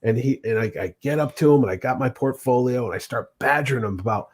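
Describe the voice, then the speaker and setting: A man's voice: mid-range voice, fast, hardly any pauses, breathy edge. A man casually telling convention stories on a podcast, acting out the voices of the people in them. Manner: animated, acts out quoted voices.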